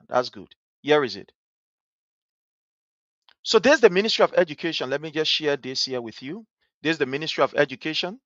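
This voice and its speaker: Indignant man, lively pitch. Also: no echo, lo-fi sound. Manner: indignant, repeats phrases for emphasis. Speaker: livestream host. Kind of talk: heated commentary on a live stream.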